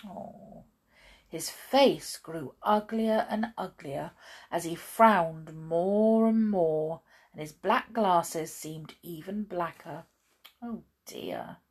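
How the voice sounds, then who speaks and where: A woman reading a children's story aloud, slow and expressive with hushed moments. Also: fairly low pitch, slightly rough.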